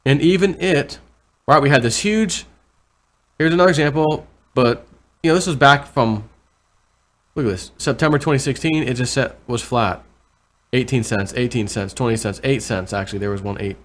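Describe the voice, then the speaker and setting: A man vlogging casual commentary over price charts, rambling and correcting himself, with excited bursts over numbers. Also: mid-range voice, moderate pace. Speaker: crypto vlogger.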